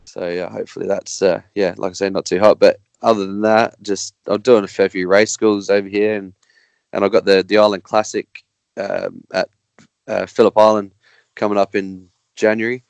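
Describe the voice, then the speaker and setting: An Australian man, a guest racer, chatting casually on a podcast in a halting, rambling way with many restarts. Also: fairly low pitch, flat delivery, vocal fry, a little mellow, dry recording.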